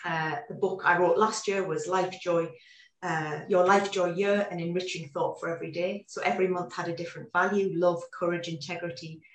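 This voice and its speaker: A woman in her forties, a guest in a casual interview chat, telling her story in an animated way with many restarts, heard over a video call. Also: fairly low pitch, moderate pace, reverberant, distant mic. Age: 40s.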